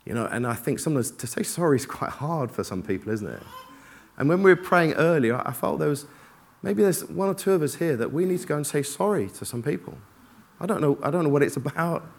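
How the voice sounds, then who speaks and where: A man giving an informal church sermon, telling personal stories in a lively, self-deprecating way and acting out his own thoughts. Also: a little high, a little fast, creaky. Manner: animated, self-deprecating, acts out inner dialogue. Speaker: preacher. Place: church hall with congregation.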